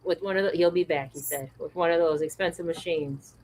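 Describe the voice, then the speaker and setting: A woman's voice: lowish voice, fairly quick, a little mellow, low-quality recording. A woman hosting a podcast, giving earnest, encouraging advice about positivity. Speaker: podcast host. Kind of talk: motivational podcast talk.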